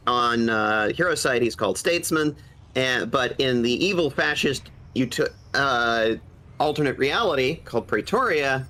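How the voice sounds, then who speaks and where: A man with a husky voice from a cold, chatting casually and eagerly explaining game lore while streaming. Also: mid-range voice, lively intonation, moderate pace, sharp tone, poor audio. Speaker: gaming streamer. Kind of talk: casual gaming stream chat.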